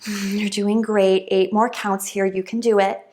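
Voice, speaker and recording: A woman guiding a yoga flow in a calm, encouraging voice. She paces her cues to the breath and fills the pauses with soft hums. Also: medium pitch. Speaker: yoga instructor. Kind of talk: guided yoga class instruction.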